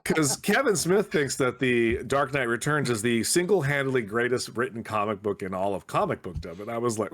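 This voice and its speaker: A man's voice: mid-range voice, expressive, fairly quick, fairly bright tone. A middle-aged man, co-host of a podcast, telling a story in casual chat with a wry, snarky delivery.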